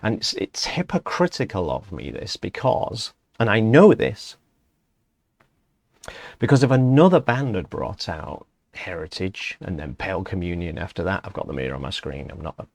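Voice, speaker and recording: A man's voice: deep voice, very animated, moderate pace, creaky, darkish tone, dry recording. A middle-aged man hosting a music vlog, chatting casually in a rambling way and correcting himself as he goes. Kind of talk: casual spoken opinion piece.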